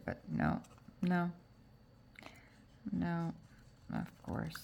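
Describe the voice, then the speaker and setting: A woman's voice: sits low, huge pitch swings, extremely slow, creaky, long pauses, a little hiss or hum. A woman with a stuffy, congested voice from allergies, chatting casually through a crafting tutorial with frequent fillers. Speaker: junk journal crafter.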